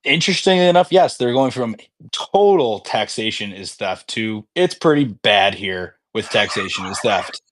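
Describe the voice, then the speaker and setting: A man's voice: on the low side, animated, normal speed, fairly bright tone, no echo. A man co-hosting a casual sports podcast, telling rambling stories full of swearing. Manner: profane, rambling storyteller. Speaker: podcast co-host.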